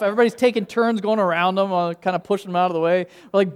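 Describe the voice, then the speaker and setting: A man's voice: high-pitched, animated, fast, few pauses. A male pastor preaching a sermon, telling a personal story in a casual, humorous, conversational way.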